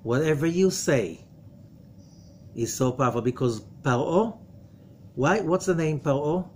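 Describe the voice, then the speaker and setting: A man lecturing as a rabbi before a live class, his voice pitched a little high. He drives each point with rhetorical questions and sinks to a hushed tone for warnings. A faint hiss sits under the recording. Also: expressive, a little slow. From from outside America. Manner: emphatic, full of rhetorical questions; drops to a low, quiet voice for warnings. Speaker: rabbi teaching Kabbalah. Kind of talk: lecture to a study group.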